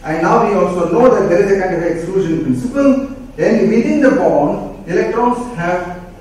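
A man giving a classroom lecture, explaining step by step with pauses and self-corrections. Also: sits high, lively intonation, darkish tone. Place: lecture room. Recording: very echoey room, mic far off, faint noise.

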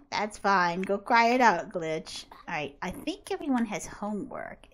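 A woman's voice: medium pitch, measured pace, hardly any pauses. A woman giving playful gameplay commentary, talking to her game characters and often laughing. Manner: animated, laughing, talks to the characters. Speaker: author playing a life-sim game.

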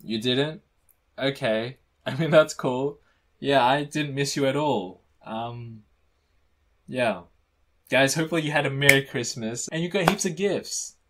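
A man's voice: medium pitch, a little slow. A young man hosting a reaction channel, chatting casually to camera and teasing his viewers in a mock-dramatic way. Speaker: YouTube reaction channel host.

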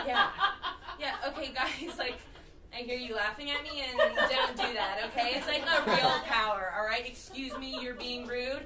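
A woman doing live character comedy as a giddy teenage girl, talking in a soft, giggly valley-girl way that turns defensive. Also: sits high, a little slow, a crowd in the background. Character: teen girl joining superheroes, giddy, touchy. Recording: roomy stage sound from far off, noisy.

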